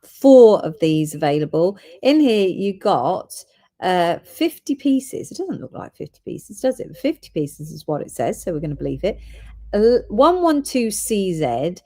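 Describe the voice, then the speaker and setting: A woman's voice: lowish voice, big pitch swings, unhurried, mellow. A woman hosting a live gem sale, chatting and reading out orders and codes.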